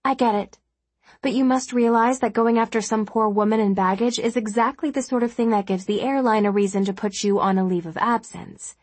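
A woman voicing a blunt, sharp-tongued woman lawyer in a storybook reading, frank and scolding. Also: a little high, fairly even intonation, brisk, dry recording, natural voice.

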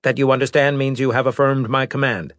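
A man's voice: medium pitch, flat delivery, brisk, a bit bright, dry recording, studio quality, pitched above the performer's own voice, natural voice. A man voicing a rigid alien robot that speaks in a stiff, formal, insistent way. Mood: demanding.

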